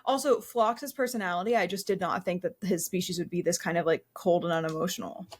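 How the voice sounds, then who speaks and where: A woman's voice: lowish voice, steady tone, fast talker. Lady cohost on a chatty podcast, unsure and rambly, keeps restarting sentences. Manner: hesitant, self-deprecating, repeats words when unsure. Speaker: podcast co-host. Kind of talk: casual podcast chat.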